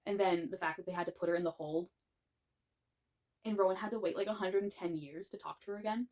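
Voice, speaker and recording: Woman gushing about books she loved, lowish voice, keeps restarting and rambling. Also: steady tone, quick pace, darkish tone, highs cut off. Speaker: book reviewer. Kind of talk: casual spoken book review.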